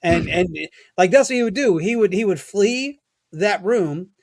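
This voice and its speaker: A man's voice: high-pitched, lively intonation, measured pace, no echo, clean studio sound. A man co-hosting a casual podcast chat, teasing his friends and joking around. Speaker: podcast co-host.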